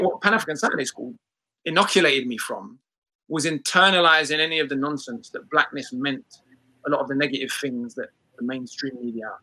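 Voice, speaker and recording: British male speaker, emphatic talk, forceful husky tone. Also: a little high, dry recording, rough recording. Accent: British English. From England. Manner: fast, emphatic, many restarts. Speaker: speaker on race and class. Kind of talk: talk to an audience.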